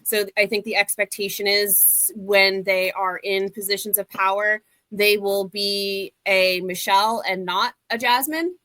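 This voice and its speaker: A woman's voice: medium pitch, fairly even intonation, a little slow, hardly any pauses, fairly bright tone, dry recording. A woman giving her opinions in a casual panel discussion, talking freely with many "like" fillers. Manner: opinionated, filler-heavy with frequent "like". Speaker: panel guest.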